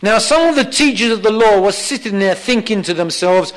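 A man's voice: animated, brisk. A man preaching a sermon, emphatic and repeating key phrases for weight. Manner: acts out quoted lines in a softer, lower voice.

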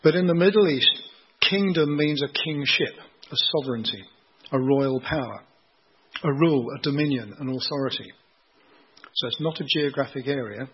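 A man giving a sermon, explaining scripture in an unhurried teaching manner and asking rhetorical questions. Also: mid-range voice, breathy edge, highs cut off. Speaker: preacher.

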